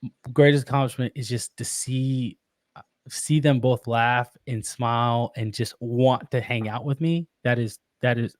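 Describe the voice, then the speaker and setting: A man talking as a podcast guest about being a father, earnest and reflective, often pausing and restarting his sentences. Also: mid-range voice, fairly even intonation, dry recording. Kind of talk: casual interview.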